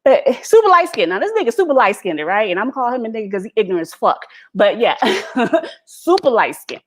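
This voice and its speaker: A woman from the United States goes live from home, delivering a candid, brash, profane rant to her viewers and laughing frequently. Her voice sits on the high side, very animated and a little fast, picked up by her laptop's built-in mic.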